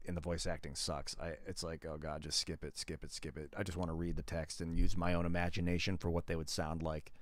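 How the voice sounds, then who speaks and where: A man's voice: low-pitched, a little mellow, dry recording. A man in his thirties chatting casually on a gaming livestream, rambling and slangy as he talks to viewers. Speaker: gaming streamer.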